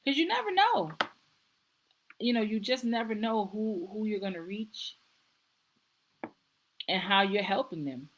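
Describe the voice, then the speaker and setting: A woman's voice: medium pitch, measured pace, long pauses, slight background noise, rough recording. A middle-aged woman, a nurse practitioner, hosting a casual live-stream talk, earnest and repeating herself as she goes. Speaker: host.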